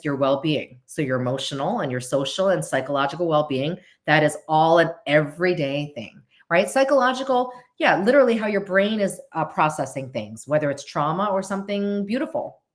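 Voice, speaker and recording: Chatty woman podcast host, low voice. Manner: chatty, self-interrupting, laughs easily. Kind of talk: casual solo commentary answering viewer questions.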